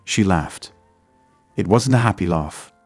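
Man narrating a story, low voice, dry close sound, faint music behind. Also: animated, measured pace, a little mellow, slightly rough, no echo. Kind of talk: scripted first-person story narration.

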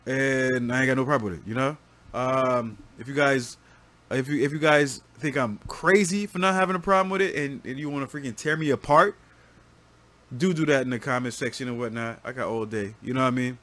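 A man's voice: mid-range voice, brisk, sharp tone. A man hosting a music reaction video, talking casually in a slangy, profane way full of fillers and restarts. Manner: rambling, repeats himself.

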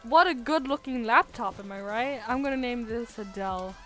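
High-voiced woman streamer, chatty. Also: moderate pace, a bit bright, soft background music. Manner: chatty, self-mocking, bursts into laughs and squeals. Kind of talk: casual game-stream commentary.

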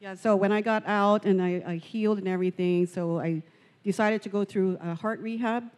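A woman giving a personal testimony at a church service, earnest and halting, often repeating words. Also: medium pitch, fairly even intonation, darkish tone.

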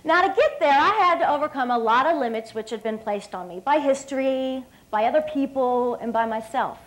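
A high-pitched woman in her thirties from West Virginia, USA, gives a motivational speech from the stage at an evening dinner event. She tells her story brightly and energetically, laughing often and addressing the crowd directly, speaking a little fast on poor audio.

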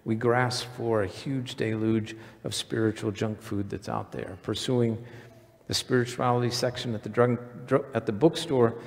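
Gravelly-voiced male pastor preaching. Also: medium pitch, fairly even intonation, normal speed. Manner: conversational preaching, quizzes the congregation. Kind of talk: sermon. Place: church sanctuary. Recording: reverberant church hall.

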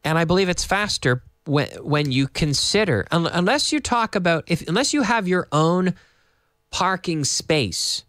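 A man's voice: fairly high pitch, no room sound, studio quality. A man teaching to Spanish speakers, explaining patiently and repeating words. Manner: lively, explains slowly with repetition and Spanish glosses. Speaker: English teacher. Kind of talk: casual online English lesson for Spanish speakers. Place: in Madrid.

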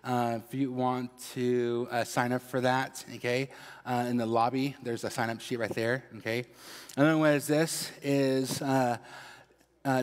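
Upbeat man giving church announcements. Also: mid-range voice. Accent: Mexican. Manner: upbeat, says "okay?" after nearly every phrase. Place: church sanctuary. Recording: long hall reverb.

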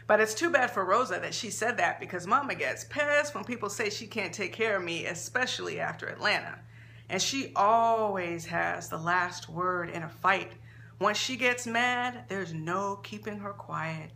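A woman author reading her own short story aloud, expressive and slowing down for emphasis. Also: mid-range voice, gravelly, a little hiss or hum.

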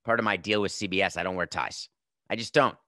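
Talking fast with a low-pitched, sharp tone, this fifty-something sports podcast host offers opinionated takes. He fires off emphatic, sarcastic rhetorical questions, and the studio-quality audio has no room sound.

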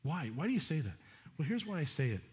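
A man's voice: on the high side, sing-song, quick pace, darkish tone. A male pastor preaching a sermon in an earnest, conversational way, often restarting his sentences. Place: church sanctuary.

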